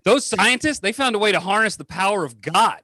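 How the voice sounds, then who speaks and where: A brash man tears through a stand-up set with a profane, punchy delivery. His voice sits a bit high for a man. The sound is dry and close, with almost no room in it. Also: lively intonation, a little fast, sharp tone, dry recording. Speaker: stand-up comedian. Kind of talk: stand-up routine. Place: home over a video call. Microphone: computer or phone mic on a video call.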